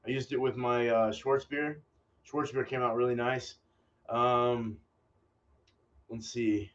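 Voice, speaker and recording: A casual homebrewer man talks through his choices, distracted and swearing now and then as he thinks aloud. He sits a bit back from a dull, lo-fi microphone. His voice is middle-pitched. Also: flat delivery, slow pace, fairly bright tone. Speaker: homebrewer and channel host. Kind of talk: casual rambling vlog talk. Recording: dull lo-fi audio from a distance.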